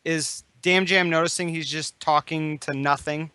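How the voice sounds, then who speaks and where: A man's voice: fairly high pitch, fairly even intonation, a little slow, pushed and bright, smooth, no room sound. A man playing a tabletop game, asking eager questions. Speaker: player.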